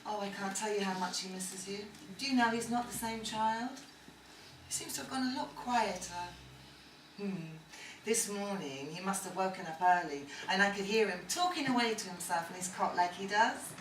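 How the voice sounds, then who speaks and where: A woman playing a gentle young wife and mother visiting her husband, soothing and reassuring. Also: mid-range voice, moderate pace, lightly acted. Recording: echoey room, distant mic, faint noise.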